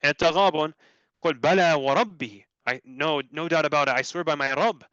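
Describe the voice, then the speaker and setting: Man, religious lecture, recites verses then explains, fast, somewhat high voice, dry lo-fi sound. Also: no echo. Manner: animated, quickly switching between recited Arabic and English explanation. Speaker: Islamic teacher presenting on Quran structure. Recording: dry, dull lo-fi recording.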